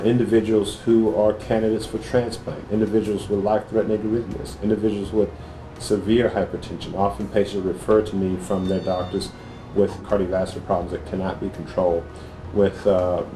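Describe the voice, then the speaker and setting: A man, a cardiologist, answering interview questions in a measured, thoughtful way with frequent pauses and fillers. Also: low-pitched, flat delivery, roomy sound, over music.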